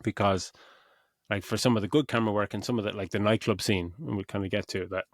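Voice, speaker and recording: A man's voice: fairly low pitch, steady tone, fast talker, no echo, clean studio sound. A middle-aged man co-hosting a podcast, rambling through a casual film review, swearing freely and acting out his own reactions. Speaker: podcast co-host.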